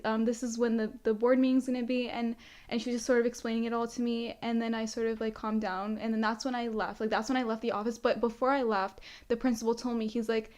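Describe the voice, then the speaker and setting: Rapid, excitable teenage girl storyteller. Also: a little high. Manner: excitable, packed with filler "like". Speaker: student trustee guest. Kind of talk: casual storytelling chat.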